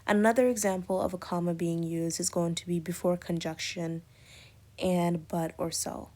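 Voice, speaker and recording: A woman's voice: fairly low pitch, fairly even intonation, normal speed, darkish tone. A woman teaching an English lesson, explaining punctuation step by step with many spoken examples and fillers. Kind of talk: recorded lecture on punctuation.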